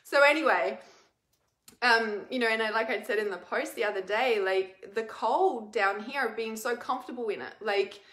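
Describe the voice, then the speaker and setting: A woman's voice: on the high side, normal speed, fairly bright tone. A woman talking casually to her viewers in a rambling, emotional way, full of fillers. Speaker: spiritual vlogger. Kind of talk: casual confessional talk to camera. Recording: echoey room.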